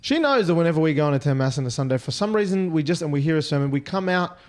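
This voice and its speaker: Fast-talking man, quick restarts. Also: fairly high pitch, expressive, darkish tone. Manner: quick, restarting and repeating words. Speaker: podcast co-host. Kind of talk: casual chat.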